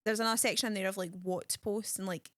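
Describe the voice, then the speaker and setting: A woman hosting a podcast while being interviewed, chatting casually and telling stories in lively slang. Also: medium pitch, fast, dry recording, clean studio sound. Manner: chatty, animated storytelling with slang. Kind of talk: casual chat.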